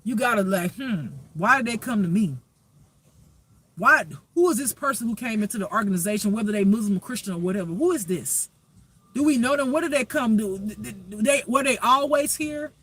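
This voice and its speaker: A man's voice: sits high, lively intonation, brisk, a bit bright, slightly rough. A man giving a spiritual reading as a life teacher, preaching emphatically with rhetorical questions.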